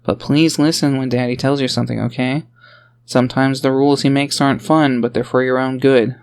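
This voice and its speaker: A man's voice: medium pitch, little pitch movement, fairly quick, darkish tone, smooth, close to an everyday voice. A man narrating an audiobook, voicing a tired father who is loving but defensive. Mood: tender. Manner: earnest, defensive and tender.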